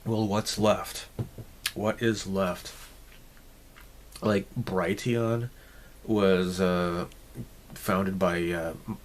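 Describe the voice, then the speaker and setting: Low-voiced man rambling casually. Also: a bit bright, slight background noise. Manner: rambling, sidetracked, frequent fillers and restarts; blunt, mildly crude asides. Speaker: hobby channel host. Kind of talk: casual rambling channel update.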